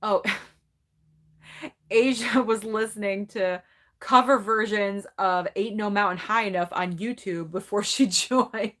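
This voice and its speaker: A woman of about forty hosts a relaxed livestream, talking straight to her viewers. She is candid and chatty, laughs often and reads out comments in an ordinary mid-range voice. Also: mid-range voice, slow pace. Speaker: host of a movie club livestream. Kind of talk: casual livestream chat, reading viewer comments.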